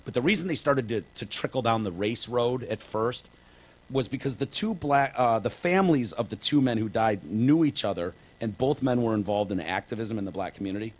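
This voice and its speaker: A man's voice: medium pitch, expressive, a little fast. A man with a Detroit accent co-hosting a casual comedy podcast, sarcastic and prone to acting out little voices. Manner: sarcastic, acts out voices in bits. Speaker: podcast co-host.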